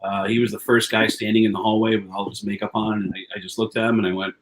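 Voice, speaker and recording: A man in his forties, a stand-up comedian guest, telling lively, casual anecdotes on a podcast and swearing now and then. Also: lowish voice, fast, slight background noise, low-quality recording.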